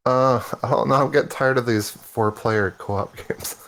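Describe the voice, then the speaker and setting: A man's voice: mid-range voice, fairly even intonation, moderate pace, fairly bright tone. A man on a casual podcast panel, talking in a laid-back, rambling way with lots of hesitations.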